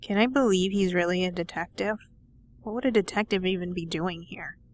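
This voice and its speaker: A woman's voice: fairly low pitch, brisk. Woman muttering while playing. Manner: muttering quietly to herself. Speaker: let's play gamer. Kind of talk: casual gameplay commentary.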